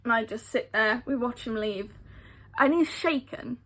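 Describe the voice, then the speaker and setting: A woman's voice: a little high, measured pace, bright, forceful tone. A young British woman telling a personal story vlog-style, emphatic and given to repeating phrases for effect. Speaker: vlogger. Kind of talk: storytime retelling.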